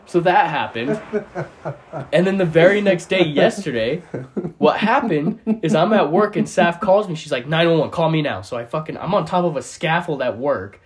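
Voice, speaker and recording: A man telling a long story in casual chat, animated and profane, often laughing as he goes. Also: a little high. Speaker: storyteller on a podcast.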